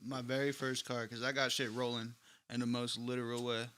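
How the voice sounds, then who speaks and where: A man's voice: mid-range voice, little pitch movement, fairly quick, a bit bright, smooth. A young man co-hosting a casual podcast, laid-back and joking along with his friend. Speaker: podcast co-host.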